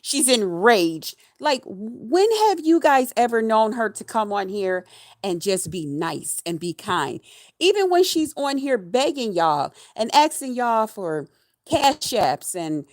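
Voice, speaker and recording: A woman's voice: on the high side, very animated, takes it slowly, no echo, clean studio sound. A woman livestreaming a mocking rant at her viewers, taunting and emphatic, laughing between jabs and repeating her phrases.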